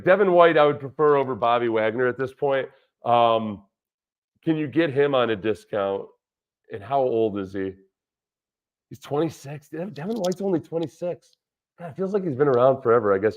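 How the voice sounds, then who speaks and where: A man hosting a casual livestream about football, rambling and reacting to viewer chat. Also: medium pitch. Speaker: livestream host, former football player. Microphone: studio dynamic mic through a budget audio interface. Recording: dull lo-fi stream audio with dropouts.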